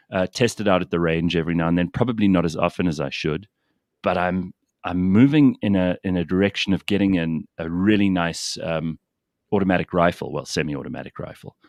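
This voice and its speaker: A man's voice: deep voice, no room sound, studio quality. A man hosting a radio show from South Africa, chatting casually and with animation.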